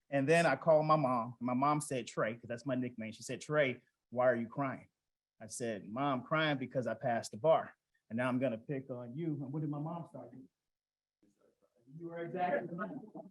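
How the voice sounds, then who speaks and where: Man, 40s, mid-pitched, conversational speaker at an awards event, storytelling with asides to the audience. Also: rough recording. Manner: conversational, retells family dialogue, asks the audience questions. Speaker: award recipient giving a speech. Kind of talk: personal storytelling speech. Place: event hall.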